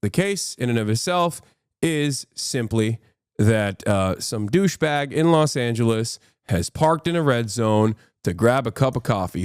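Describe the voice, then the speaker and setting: A man's voice: mid-range voice, expressive, moderate pace, clear, resonant tone, dry recording, studio quality. A man in his thirties, a streamer giving casual, opinionated, sarcastic commentary and swearing freely.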